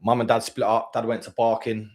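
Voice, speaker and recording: Easygoing guy in his thirties, low-ish voice, casual podcast guest. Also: monotone, fairly quick, darkish tone. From East London. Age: 30s. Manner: easygoing, chatty, plainspoken. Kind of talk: casual chat.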